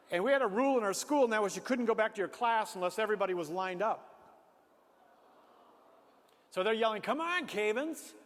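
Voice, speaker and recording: Guy with a high voice telling a funny story on stage, big echoey hall. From Minnesota. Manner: animated, self-mocking humor. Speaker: speaker. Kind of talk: storytelling talk to an audience. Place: large hall before an audience. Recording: reverberant hall.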